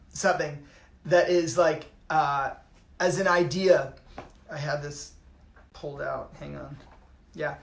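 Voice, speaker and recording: A man's voice: high-pitched, fairly bright tone, roomy sound. A middle-aged man from Canada, a yoga teacher, talking casually and reflectively, rambling and repeating his phrases with many restarts.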